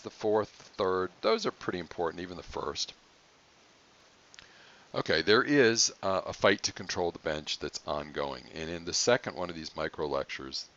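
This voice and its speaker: A man's voice: a bass voice, a bit bright, dull audio, slight background noise. A man giving a recorded online college lecture, chatty and emphatic, with joking asides. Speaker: college instructor.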